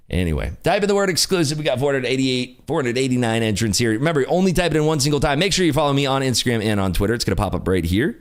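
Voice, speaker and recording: A man's voice: mid-range voice, big pitch swings, brisk. A man hosting a live day-trading stream, chatting in an upbeat, jokey way. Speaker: day-trading livestream host. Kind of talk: casual live commentary.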